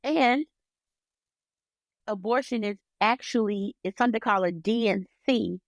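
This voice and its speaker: Podcast co-host, woman in her 30s: emphatic storyteller, fairly high voice, dry close sound. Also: a little slow, no room sound. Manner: animated, emphatic, acts out dialogue. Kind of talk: personal storytelling in casual chat.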